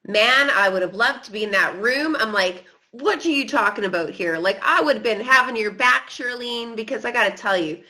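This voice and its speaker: A woman's voice: a little high, moderate pace, hardly any pauses, bright, forceful tone. A woman moderating a panel discussion, enthusiastic and chatty, peppering her talk with "like.". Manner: enthusiastic, chatty, uses "like" a lot. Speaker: moderator of a women's leadership panel. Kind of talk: casual panel chat.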